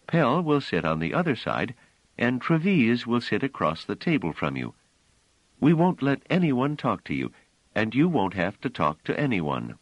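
A protective young woman speaks softly and reassuringly, voiced by a man. Her voice sits above his natural range and moves in lively curves. The storybook reading is dry and close. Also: mid-range voice, normal speed, no room sound, muffled recording, pitched above the performer's own voice. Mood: soothing.

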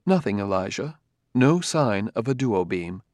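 A man voicing a calm, precise male humanoid robot detective who speaks in a measured, formal, logical way. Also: fairly low pitch, dry recording, clean studio sound. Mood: composed.

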